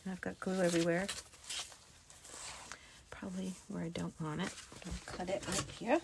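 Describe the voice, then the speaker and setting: A woman narrates her crafting in a relaxed, rambling way, thinking out loud and now and then murmuring in a whisper. Her voice sits fairly low. A loud hiss of noise runs under the whole recording. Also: moderate pace, creaky. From United States. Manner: chatty, thinks aloud, drops to whispers while working. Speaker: crafting vlogger.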